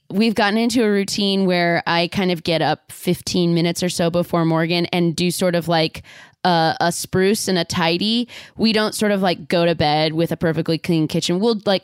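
A woman's voice: on the low side, clean tone, dry recording, studio quality. Bubbly woman hosting a podcast. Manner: bubbly, laughs often, acts out bits in quoted voices. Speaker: podcast host. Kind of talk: casual podcast chat.

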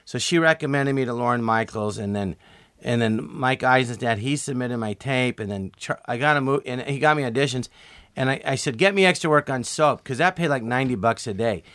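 Recorded in clean studio sound with no room tone, a middle-aged comedian tells stories during a casual interview. He talks a little fast at medium pitch, animated throughout and acting out quoted voices.

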